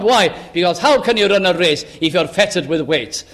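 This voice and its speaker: High-voiced man preaching a sermon. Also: big pitch swings, normal speed, hardly any pauses. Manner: earnest, rising to impassioned appeals.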